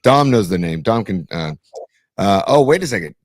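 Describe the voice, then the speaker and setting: A man co-hosting a sports talk show, relaxed and full of sports trivia in casual banter. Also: on the low side, moderate pace, no room sound, studio quality. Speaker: podcast co-host and youth coach.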